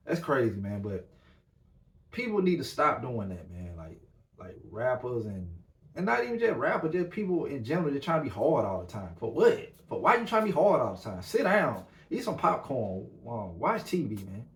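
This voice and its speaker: Male podcast host, easygoing rambling delivery, echoey room. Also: a little high. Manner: laid-back, repeats "man" at line ends. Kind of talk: casual monologue.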